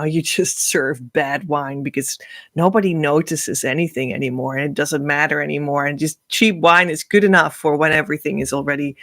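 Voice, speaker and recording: A woman's voice: low-pitched, pushed and bright. A woman hosting a spiritual podcast, telling a parable in an earnest, emotional, rambling way, often restarting her sentences. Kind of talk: spiritual storytelling monologue.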